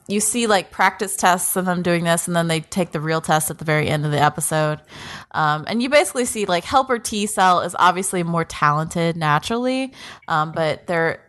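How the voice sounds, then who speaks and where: A woman's voice: on the low side, a bit bright. A young woman co-hosting a podcast, casually retelling anime episodes in a rambling way full of fillers. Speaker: podcast co-host.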